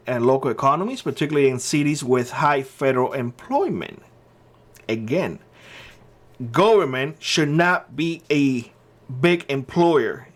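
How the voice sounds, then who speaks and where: Higher-voiced guy ranting his opinions on his channel, blunt, says stuff twice for emphasis. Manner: blunt, emphatic, repeats key phrases. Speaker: channel host. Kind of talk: opinion commentary to camera.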